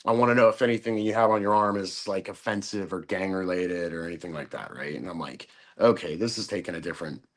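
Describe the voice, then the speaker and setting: Casual male guest telling a story, somewhat low, profane, plays out every quote. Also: fast talker, few pauses. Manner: profane, acts out quoted voices. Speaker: podcast guest. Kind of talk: casual storytelling in a podcast interview.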